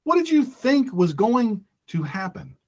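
Emphatic talk radio host man, lively pitch. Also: measured pace, vocal fry. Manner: emphatic, repeats phrases. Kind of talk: opinionated radio monologue.

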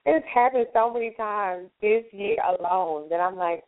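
A woman's voice: medium pitch, slow pace, pauses often. A woman co-hosting a casual call-in talk show, telling workplace stories and acting out what coworkers say. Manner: storytelling, acts out coworkers' lines. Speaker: co-host. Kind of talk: casual chat. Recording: tinny phone-line call-in audio.

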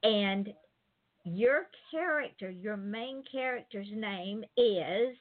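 A woman host chats through a thin, phone-like line, wandering through stories with plenty of digressions. Her voice sits at an ordinary middle pitch, and her talk stays loose and casual. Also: lively intonation, slow pace. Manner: rambling, digressive storyteller. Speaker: interview host. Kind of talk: casual interview chat.

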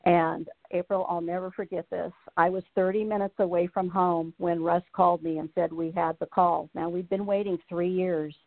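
A heartfelt woman in her late fifties tells her own story as a show guest, her voice sitting a little low. She comes through a thin, tinny phone line with a close, dry sound. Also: little pitch movement, normal speed, few pauses, no echo. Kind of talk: reading her personal story aloud, then chatting.

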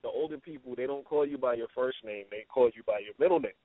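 A man's voice: mid-range voice, fast talker. A man in his twenties co-hosting a casual radio call-in show, telling stories with a laugh and teasing a caller. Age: 20s. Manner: laughing, storytelling, playful teasing. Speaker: co-host. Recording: tinny phone-line sound.

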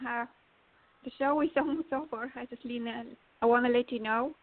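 A woman hosting an interview, talking in a friendly, slightly hurried way with fillers. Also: on the high side. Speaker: host. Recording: phone-like remote call line.

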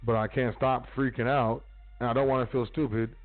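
A man hosts a casual talk show, delivering a blunt monologue full of street slang and some profanity. His mid-range voice holds a level tone and moves a little fast. The recording has a tinny phone-line sound with faint music behind it.

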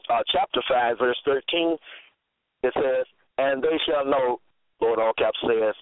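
A man teaching from scripture in a slow, deliberate way, reading out verse after verse and restating each one. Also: medium pitch, no echo. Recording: tinny phone-line sound, dry.

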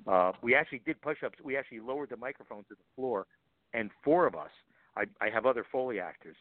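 A man's voice: medium pitch, animated, fast talker, no echo. A man, a voice actor guest, telling stories in a chatty interview and acting out quoted lines. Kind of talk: casual interview chat. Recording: tinny phone line.

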